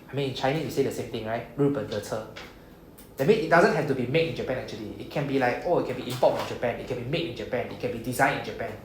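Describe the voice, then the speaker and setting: This man has a medium-pitched, darkish voice and a Singaporean English accent. Teaching beginner Japanese in an echoey classroom with a faint background hum, he walks students through things patiently and frequently tacks on "okay?" or "right?"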